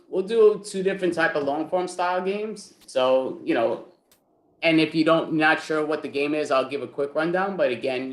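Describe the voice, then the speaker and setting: A man's voice: fairly high pitch, echoey room. A man hosting an improv jam over a video call in a loose, rambling, jokey way. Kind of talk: casual hosting.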